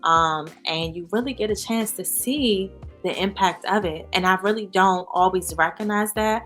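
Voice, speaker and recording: A woman speaking as an interview guest in a candid, animated way, full of "you know" and "like". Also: mid-range voice, normal speed, faint music behind. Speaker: guest, founder of a support organization. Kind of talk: casual interview chat.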